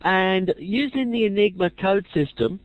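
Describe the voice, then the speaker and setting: Chatty man teaching a class, animated delivery, dry humour, muffled close dry recording. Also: high voice, unhurried, no echo. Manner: chatty with dry jokey asides. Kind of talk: casual lecture.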